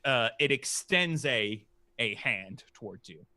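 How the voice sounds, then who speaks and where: A man narrating as game master of a tabletop game, his voice bright and lively, rising and falling a lot. He talks in an unhurried, halting way full of fillers, recorded dry on a close mic. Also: medium pitch, dry recording. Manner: halting, many "uh" fillers, laughs easily.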